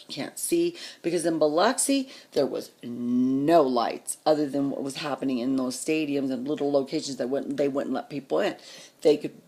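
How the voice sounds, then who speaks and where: A woman's voice: low voice, creaky, husky. A woman vlogger telling a personal story in a blunt, profane, vivid way.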